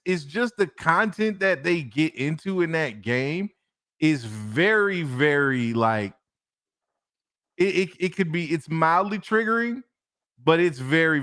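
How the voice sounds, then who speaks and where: Animated man with a lively voice. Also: fairly high pitch. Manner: animated, laughs often, repeats himself for emphasis. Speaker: co-host. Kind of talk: casual podcast chat.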